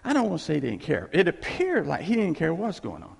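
A man preaching a sermon, telling stories in an animated way and acting out the voices of the people in them. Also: fairly high pitch, fairly quick, gravelly, breathy edge, in a large hall. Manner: animated storytelling, acting out quoted voices with laughs.

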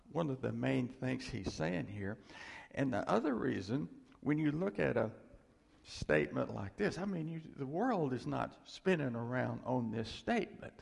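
A man's voice: medium pitch, darkish tone. A man giving an informal, conversational sermon as preacher, rambling and restarting often. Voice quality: gravelly, breathy. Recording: long hall reverb.

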